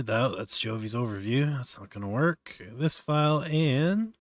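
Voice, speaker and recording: Man, stream host, casual tutorial talk, lots of ums and uhs, yawny, mid-pitched, dry close sound. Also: animated, measured pace, dry recording. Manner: thinking aloud with many fillers and trailing restarts. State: yawning often.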